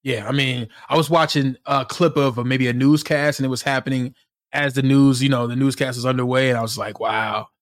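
A man's voice: mid-range voice, fairly even intonation, brisk, no room sound, studio quality. A man co-hosting a podcast in easygoing casual chat, full of "you know" and "man". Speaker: podcast co-host.

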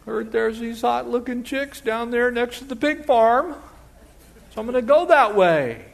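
A man's voice: very high voice, measured pace, creaky, voice pushed up, exaggerated voice. A man voicing a careless, rebellious young prodigal son who whines and defies his father. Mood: defiant.

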